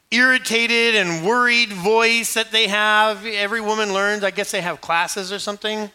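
Bright, high-voiced man preaching playfully. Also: clean tone. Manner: animated, joking storyteller who acts out quoted voices. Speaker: pastor. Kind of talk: sermon.

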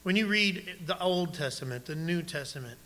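A man preaching a sermon, reading scripture and questioning his congregation directly, sometimes dropping to a soft, low voice. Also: expressive, moderate pace. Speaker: pastor.

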